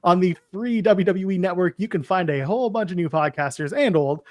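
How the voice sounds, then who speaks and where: A man's voice: sits high, fairly quick, dry recording, studio quality. A man co-hosting a casual wrestling podcast, opinionated and snarky as he runs through lists. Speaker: podcast co-host.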